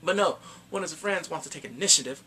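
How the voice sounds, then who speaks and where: A man casually reviewing a TV series in slangy, animated chat, laughing often. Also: a little high, fast, slight background noise. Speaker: show reviewer.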